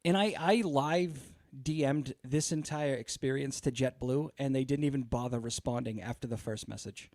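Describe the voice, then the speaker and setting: A man's voice: mid-range voice, moderate pace, hardly any pauses, darkish tone, no room sound, clean studio sound. A man hosting a podcast, telling a long, exasperated story in a casual, profane way full of fillers. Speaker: podcast host.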